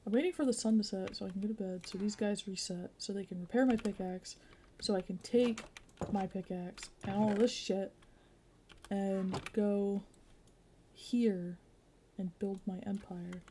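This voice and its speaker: A woman's voice: medium pitch, fairly even intonation, measured pace, dark tone, slight background noise. Dry, teasing tired woman gaming. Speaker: gamer. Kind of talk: casual gaming chat.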